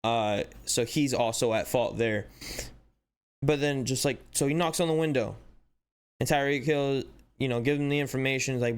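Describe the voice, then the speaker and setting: A man hosting a sports channel, giving casual, animated commentary with exasperated rhetorical questions and lots of "like". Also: mid-range voice, normal speed, clear, resonant tone. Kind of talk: casual commentary breaking down footage.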